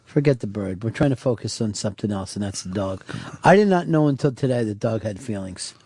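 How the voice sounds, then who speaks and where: A man's voice: fairly low pitch, lively intonation, brisk, mellow, slightly rough, no room sound. A man hosting a talk radio show, joking crudely with his co-host and taking calls. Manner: crude, joking, takes callers. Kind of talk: casual talk radio banter. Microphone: studio microphone.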